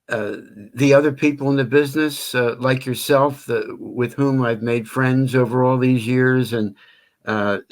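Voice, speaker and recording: An older man who works as a stadium announcer, chatting on an interview call, speaking gently with many pauses. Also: medium pitch. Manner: drawn-out melodic announcer delivery when calling names. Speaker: stadium public address announcer. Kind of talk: phone-in interview chat.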